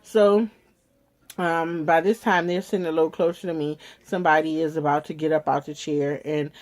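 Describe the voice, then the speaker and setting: A woman vlogger, telling a story straight to her viewers in an animated, casual way. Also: low-pitched, moderate pace.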